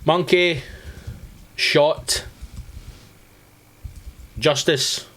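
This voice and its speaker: A Scottish man hosting a comedy podcast, ranting with loud profanity and slipping into quick put-on voices. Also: a little high, steady tone. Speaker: podcast host. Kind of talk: comedic rant.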